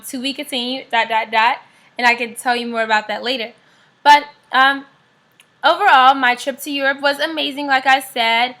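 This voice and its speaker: A young adult American woman vlogs in a high, bright, pushed voice. She chats casually and upbeat, rambling along with frequent fillers.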